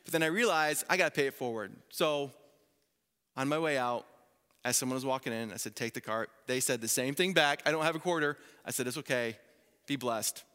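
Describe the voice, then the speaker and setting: A man in his thirties delivers a sermon from a church stage, his voice bright and a touch high. He tells stories with animation and slips into voices for the people he quotes. The sound carries a long reverb from the hall. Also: fairly quick, clear, resonant tone. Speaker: pastor. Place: church sanctuary.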